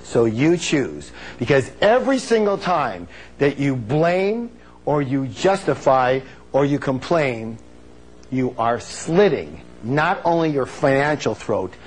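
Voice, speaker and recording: A man's voice: mid-range voice, very animated, slow pace, slightly rough. A man giving a live motivational seminar, emphatic and joking, quizzing the audience and having them repeat phrases back. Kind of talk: live seminar lecture with call-and-response.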